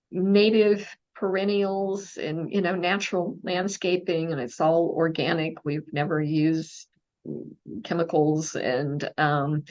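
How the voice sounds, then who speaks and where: A woman with a Texan accent, a mystery novelist answering interview questions in a thoughtful, casual way with many pauses and fillers. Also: fairly low pitch, lo-fi sound. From Texas, USA.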